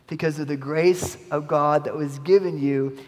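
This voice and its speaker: A man's voice: fairly high pitch, fairly even intonation, moderate pace, darkish tone. A male pastor preaching a sermon in a church, earnest and conversational, with emphatic quoted lines. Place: church sanctuary. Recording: long church reverb.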